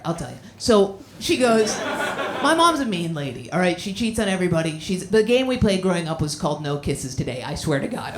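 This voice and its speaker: A woman stand-up comic rambles through a profane story on a club stage, cutting herself off and starting over. Her voice sits at an average pitch. The room rings with echo, under a heavy bed of noise. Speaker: stand-up comedian. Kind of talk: stand-up comedy set. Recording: echoey room, loud noise.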